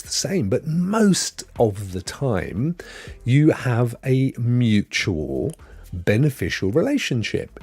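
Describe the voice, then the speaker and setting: A man's voice: mid-range voice, warm tone, breathy edge. Chatty man hosting a livestream. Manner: chatty, greets viewers by name, rambling asides. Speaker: livestream host. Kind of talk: casual live stream chat.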